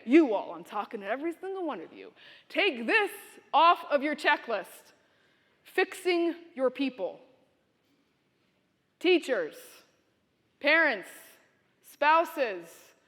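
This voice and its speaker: Female keynote speaker, expressive motivational storyteller, high voice, reverberant hall. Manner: storytelling, expressive, direct to audience. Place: university conference venue.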